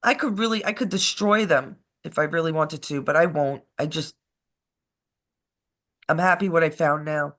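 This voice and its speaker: A woman co-hosting a live show, telling a rambling, animated story in casual chat, with swearing along the way. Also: sits low, normal speed, pauses often.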